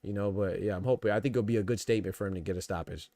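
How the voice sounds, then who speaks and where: A man's voice: fairly low pitch, rapid-fire, warm tone, no echo. Man casually talking boxing, dry sound. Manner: conversational, repeats fillers like "you know what I'm saying", restarts words. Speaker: boxing podcast host. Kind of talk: casual livestream commentary.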